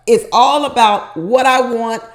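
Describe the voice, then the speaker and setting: A woman with a slightly high voice gives her frank take on a reality show in a casual, conversational way. She drives home each point by repeating it and often turns to the listener with rhetorical questions. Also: unhurried, faint music behind. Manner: emphatic, repeats points for effect; opinionated, asks the viewer rhetorical questions. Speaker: reality TV commentator. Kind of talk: casual reaction commentary.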